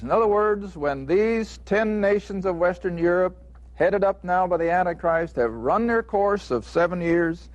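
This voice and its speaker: A man's voice: high-pitched, expressive, normal speed, no room sound. A man teaching a Bible lesson in a studio taping, plainspoken, earnest and emphatic.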